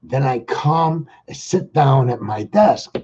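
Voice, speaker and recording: A man's voice: mid-range voice, expressive, takes it slowly, dark tone, slightly rough. A middle-aged man telling a rambling, jokey everyday story in casual slang. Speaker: vlogger. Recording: dull lo-fi recording.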